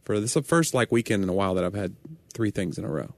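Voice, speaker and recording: Man, comedian co-host, wry jokes, lively pitch, dry close mic. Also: fast talker, no echo. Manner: wry, joking. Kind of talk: casual chat.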